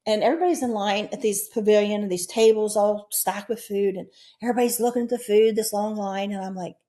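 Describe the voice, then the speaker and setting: A woman's voice: steady tone, brisk. Earnest woman in her 60s telling her story. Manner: earnest, emotional storytelling with sudden high, loud bursts. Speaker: interview guest. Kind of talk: recounting personal near-death experiences.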